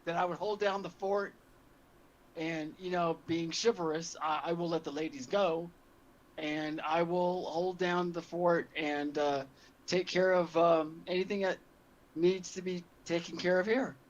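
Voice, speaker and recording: A man playing a tabletop horror game, joking in character as a timid gentleman. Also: fairly high pitch, steady tone, unhurried. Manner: joking, cowardly character talk. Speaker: player. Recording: dull, lo-fi sound.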